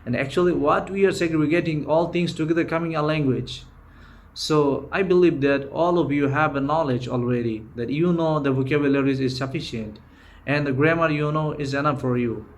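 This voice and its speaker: A man's voice: on the high side, fairly quick. A man with a Bangladeshi accent, a native Bengali speaker, gives an earnest, informal spoken-English lesson, often restarting and repeating himself. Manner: earnest, repetitive, frequent restarts. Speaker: English teacher.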